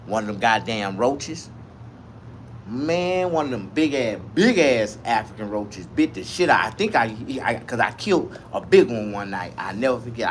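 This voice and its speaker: A man telling a comic story in a profane, rambling, animated way. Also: mid-range voice, slight background noise.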